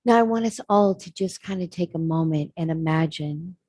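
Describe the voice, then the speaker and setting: Earnest woman sermon storyteller, lowish and husky. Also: normal speed, dark tone, dry recording. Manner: earnest, reflective. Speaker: speaker.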